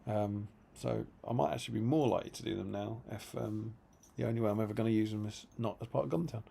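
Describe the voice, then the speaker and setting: A man's voice: fairly low pitch, fast talker, creaky, dark tone, slightly rough. Rambling male stream co-host. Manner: rambling, self-interrupting storyteller, reads chat aloud. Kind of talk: casual live-stream chat.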